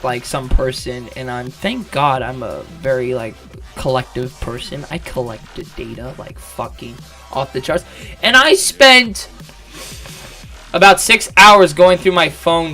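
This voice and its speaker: A man's voice: on the high side, sharp tone. A young man telling a rambling story about school, swearing a lot and restarting often. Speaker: vlogger. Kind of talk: casual storytelling.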